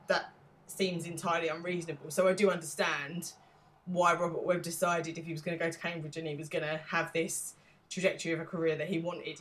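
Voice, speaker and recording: English woman, podcast co-host, lowish voice, chatty, casual talk. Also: fairly bright tone. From England. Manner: chatty, laughs often, asks questions.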